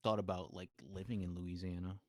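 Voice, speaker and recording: A man's voice: low-pitched, level tone, fairly quick, darkish tone, no echo, clean studio sound. A man from the Southern United States co-hosting a podcast, laid-back and chatty. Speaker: podcast co-host. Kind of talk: casual chat.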